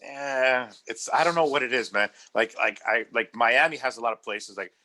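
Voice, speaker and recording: Bright-voiced man from New Jersey. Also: medium pitch, moderate pace. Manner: rambling, repeats "like I said", swears casually. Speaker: podcast guest. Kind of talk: casual chat.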